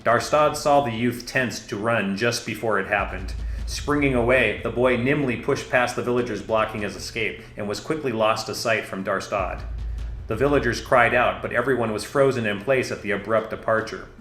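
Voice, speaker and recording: A man narrating a fantasy story in a steady, measured reading. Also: lowish voice, faint music behind. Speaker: audiobook narrator. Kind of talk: scripted narration. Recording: echoey room.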